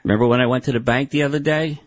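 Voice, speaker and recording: A man's voice: medium pitch, fairly even intonation, racing, no echo. A man co-hosting a talk show, telling a folksy anecdote with some stammering. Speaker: co-host. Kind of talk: casual storytelling.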